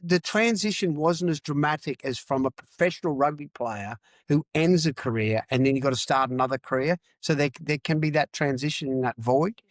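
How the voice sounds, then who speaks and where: On a dry recording, a slightly high-voiced Australian man in his fifties, once a rugby player, shares his personal story candidly as a podcast guest. He speaks in a raw, blunt way and leans on repeated words for emphasis.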